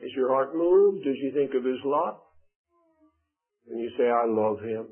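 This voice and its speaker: A man preaching a sermon in an earnest, emphatic way, pausing heavily to stress his points. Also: medium pitch, lively intonation. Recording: tinny phone-like radio broadcast.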